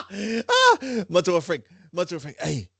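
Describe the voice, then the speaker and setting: A man's voice: high voice, vocal fry, a bit bright, slightly rough, no room sound. Playful New man hosting a quiz. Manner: playful, teasing, laughs often. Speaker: online class quiz host. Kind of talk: lively quiz hosting for a class.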